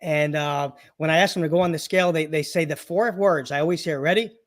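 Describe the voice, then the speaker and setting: Male guest, high voice, comic storyteller doing patient impressions. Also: steady tone, brisk. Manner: jokey anecdotes, acts out patients' voices, laughs often. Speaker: guest, chiropractor and comedian. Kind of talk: storytelling interview.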